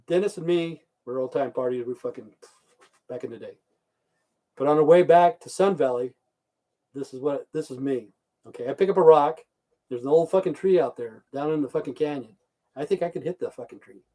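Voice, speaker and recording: A man's voice: a little high, mellow. A middle-aged man chatting casually on a live stream, rambling through stories and swearing constantly. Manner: reads out chat viewer names. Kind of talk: rambling casual livestream chat.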